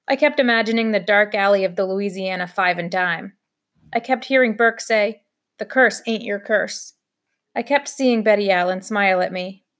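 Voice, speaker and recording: A woman reading a children's novel aloud in steady first-person storytelling. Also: mid-range voice. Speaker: audiobook reader.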